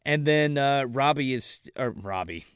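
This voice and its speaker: A man's voice: lively intonation, normal speed, very noisy. A man casually recapping a movie with friends, swearing freely and acting out characters in mocking voices. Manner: profane, acts out characters in high mocking voices. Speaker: podcast co-host.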